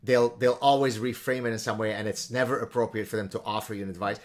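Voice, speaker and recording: A man's voice: lowish voice, fairly even intonation, quick pace. A man from the Middle East hosting an interview, talking in an academic way with stammered restarts. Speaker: podcast host. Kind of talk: conversational interview.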